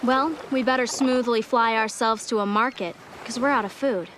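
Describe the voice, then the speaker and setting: A woman's voice: on the high side, moderate pace, a bit bright, a little hiss or hum, lightly acted. An actress voicing an earnest, practical teenage girl in a cartoon.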